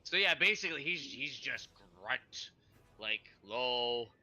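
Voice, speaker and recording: A man playing a tabletop game, chatting casually with quick, wry remarks. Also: mid-range voice, expressive, sharp tone, dull audio. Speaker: player.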